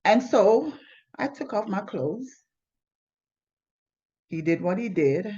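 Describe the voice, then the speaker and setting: A woman tells her own story as a testimony, earnest and plain, circling back over her words as she goes. Her voice sits at a middling pitch. The recording sounds a little dull and lo-fi. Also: lively intonation, takes it slowly, mellow, breathy edge. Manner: earnest, plainspoken, with frequent restarts. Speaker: testimony sharer.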